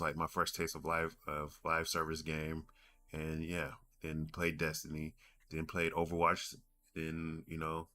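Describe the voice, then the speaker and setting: A man's voice: a bass voice, pushed and bright. A man in his forties telling a rambling story on his gaming podcast, doubling back and repeating himself as he goes. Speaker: podcast host. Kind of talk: casual podcast monologue.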